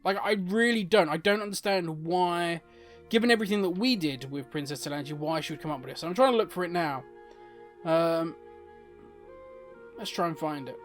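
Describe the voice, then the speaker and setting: A man's voice: high voice, animated, normal speed, faint music behind. A man hosting a casual, opinionated commentary on game lore, often exasperated.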